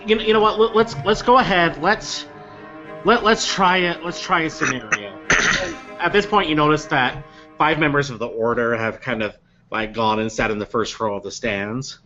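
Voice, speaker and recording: A man running a tabletop game as game master, talking casually with many quick restarts. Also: on the high side, dull audio, soft background music. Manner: stammering restarts, animated.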